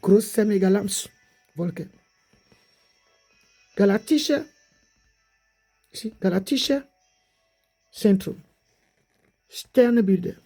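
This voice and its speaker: A preacher giving a rambling exhortation, repeating "you see" and slowly listing names one after another. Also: medium pitch, warm tone. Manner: repetitive, prodding with "you see"; slow, drawn-out listing of names.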